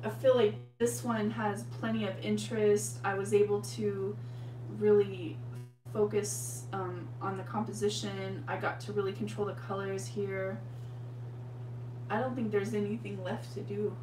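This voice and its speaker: A woman's voice: medium pitch, measured pace. A woman hosting a painting livestream, chatting casually and affectionately with her viewers. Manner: chatty and affectionate, addresses viewers as "you guys". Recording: echoey room, mic at a distance, steady hum.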